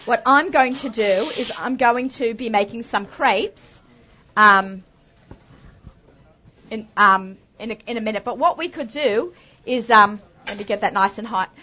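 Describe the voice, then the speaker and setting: A woman's voice: fairly high pitch, measured pace, bright, forceful tone. An Australian woman hosting a live cooking demonstration, talking chattily and upbeat with lots of asides. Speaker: cooking show host. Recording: dull lo-fi sound.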